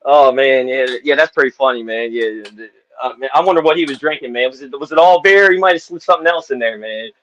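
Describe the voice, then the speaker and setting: A man's voice: mid-range voice, fast talker, a bit bright, muffled recording. A man hosting a casual interview, laid-back, peppering every sentence with "man" and "you know". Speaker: interviewer host.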